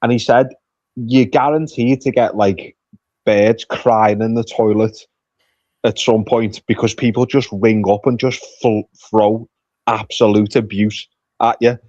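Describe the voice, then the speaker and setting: A man's voice: fairly low pitch, fairly even intonation, unhurried, darkish tone, no room sound. Blunt, swearing man on dull call audio. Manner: blunt banter, swears freely. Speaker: podcast guest. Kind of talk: casual podcast chat.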